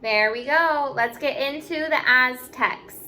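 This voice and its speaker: A woman teacher leads an online spelling lesson, sounding words out and spelling them letter by letter. Her voice is bright and a little high, and she speaks at a slow, patient pace. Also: slight background noise.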